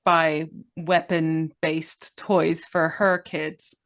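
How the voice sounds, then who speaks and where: A woman's voice: low voice, little pitch movement, drawn-out words, fairly bright tone. A woman co-hosting a podcast, chatting casually and swearing now and then. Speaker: co-host. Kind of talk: casual chat.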